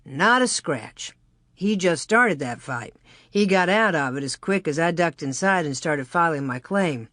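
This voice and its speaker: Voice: medium pitch, animated, unhurried, fairly bright tone, no room sound. Folksy pioneer dad telling a yarn, reader putting him on, hearty, dry sound. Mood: lively telling. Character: frontier father, cheerful storyteller man.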